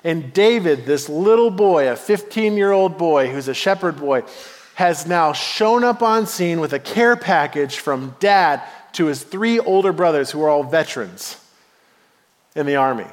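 A pastor preaches a sermon, telling a story in an animated, playful way and acting out the voices of its characters. His voice is a little high and a little slow, followed by a long reverb tail.

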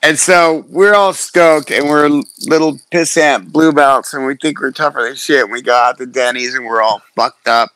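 A middle-aged man, a fighter, telling stories in casual chat, profane and animated, acting out quotes. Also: mid-range voice, normal speed, few pauses. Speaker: guest, fighter.

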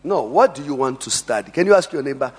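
A South African man preaching a sermon in a large church hall, emphatic, with quiet asides and sudden loud bursts. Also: mid-range voice, lively intonation, fast talker, breathy edge. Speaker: pastor. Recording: long reverb of a church hall.

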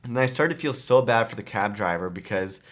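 A man's voice: fairly low pitch, animated, quick pace. A man in a casual chat telling a travel story, acting out what people said along the way.

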